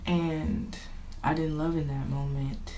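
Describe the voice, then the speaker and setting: A podcast host with a low-pitched, mellow voice and level tone talks slowly. She reflects on her own life in an informal, emphatic, confessional way, recorded in an echoey room with faint noise.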